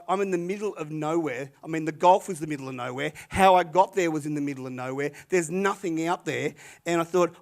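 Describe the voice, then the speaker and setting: An older man, a retired pastor, telling a story in a sermon in a chatty, animated way with many restarts. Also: a little high.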